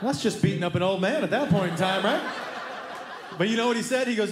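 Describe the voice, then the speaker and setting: A man doing a stand-up comedy routine, telling a story with animated energy and acting out the voices of the people in it. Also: extremely high pitch, fast talker. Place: comedy club stage before a laughing audience. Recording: roomy live club sound with noise.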